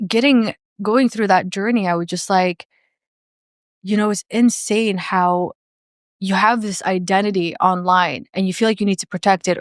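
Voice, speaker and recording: A woman talks in candid podcast conversation, earnest and reflective, leaning on "like" as she goes. Her voice sits in a middle register and comes across dry, with no room echo. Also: medium pitch. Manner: earnest and reflective, many "like" fillers. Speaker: podcast guest.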